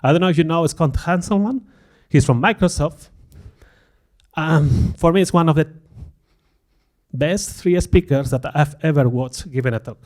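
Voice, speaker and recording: A man on a conference stage talks to the crowd with an open, self-mocking manner and laughs easily. His voice sits a little high for a man. He breaks into livelier voices when he repeats what others said. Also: moderate pace, darkish tone. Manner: candid, self-deprecating, laughs often; acts out quoted remarks in a livelier voice. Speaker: conference speaker. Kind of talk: conference talk. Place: conference stage before an audience.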